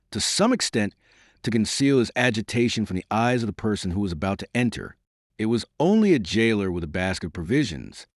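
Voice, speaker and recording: A man narrating an audiobook in a measured, dramatic reading. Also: fairly low pitch, no room sound, studio quality. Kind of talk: scripted narration.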